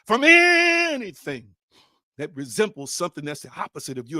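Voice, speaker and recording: A man preaching a sermon in a dramatic way, repeating his questions and swinging from loud outbursts to hushed, low lines. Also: huge pitch swings, normal speed, no room sound, clean studio sound. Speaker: spiritual speaker.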